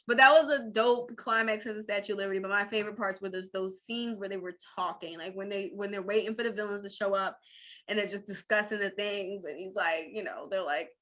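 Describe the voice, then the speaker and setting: A woman's voice: mid-range voice, steady tone, fairly quick, fairly bright tone. A woman co-hosting a casual film review, acting out movie lines, laughing often and swearing freely. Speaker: co-host.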